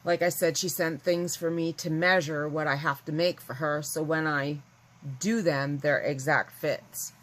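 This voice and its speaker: A woman's voice: sits low, fairly even intonation, a little slow, a bit bright, rough recording. A woman chatting casually to her viewers, rambling and candid. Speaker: vlogger. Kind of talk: casual chat to camera.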